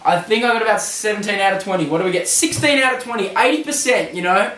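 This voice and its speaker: A man's voice: high-pitched, fast talker, a bit bright, recorded from a distance. Young Australian man, casual self-mocking vlogger, slangy, echoey room, a bit off-mic. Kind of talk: casual quiz commentary.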